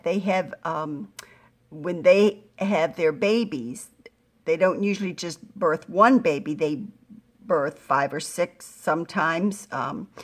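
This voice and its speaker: A middle-aged woman teaching a phonics lesson to young readers, patient and encouraging, sounding words out slowly. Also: on the low side, bright, forceful tone. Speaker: reading teacher.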